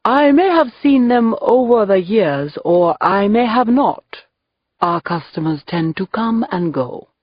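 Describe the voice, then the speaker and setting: A woman's voice: mid-range voice, expressive, a little slow, no room sound, highs cut off, pitched above the performer's own voice. A woman voicing a jovial, evasive male club owner with a British accent, read as an audiobook. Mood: smooth, evasive. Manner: smooth and evasive. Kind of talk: audiobook reading.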